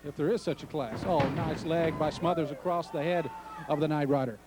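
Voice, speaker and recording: A man calling a wrestling match play-by-play, excited and joking. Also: a little high, a little fast. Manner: excited, joking, shouts at big entrances. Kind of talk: play-by-play commentary.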